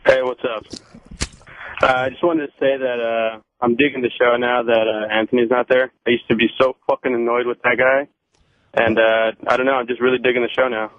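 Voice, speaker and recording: A man's voice: medium pitch, little pitch movement, fairly quick, no room sound. A man calling in to a radio show, talking in a laid-back way with lots of fillers. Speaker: caller. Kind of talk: casual phone call to a radio show. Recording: tinny phone line.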